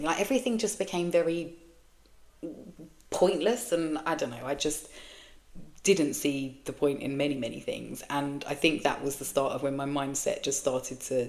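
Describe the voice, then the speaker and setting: A woman in her forties hosts a candid solo podcast in a low voice. She talks frankly and swears often. She rambles, restarts and trails off as she goes. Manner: restarts and trails off mid-thought. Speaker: podcast host.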